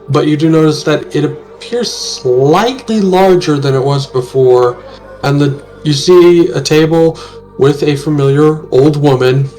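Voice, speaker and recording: A man's voice: a little high, darkish tone. A man working as game master, narrating a tabletop game with hesitant, filler-laden phrasing.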